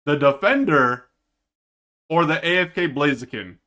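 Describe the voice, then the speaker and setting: A male streamer reacting live to an esports match, ranting at the players in an animated, exasperated way. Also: a little high, unhurried, long pauses.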